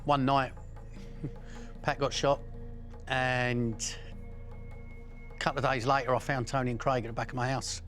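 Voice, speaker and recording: A man's voice: mid-range voice, level tone, measured pace, pauses often, a bit bright, soft background music. A middle-aged man with an Essex accent, bluntly recounting crime stories, swearing and restarting often. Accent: Essex English. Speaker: interviewee.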